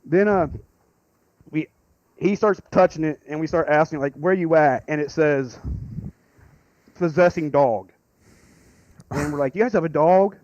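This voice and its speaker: A man calling in to tell a rambling story, excitable and swearing freely. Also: on the high side, moderate pace, lo-fi sound. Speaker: caller. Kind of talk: casual storytelling.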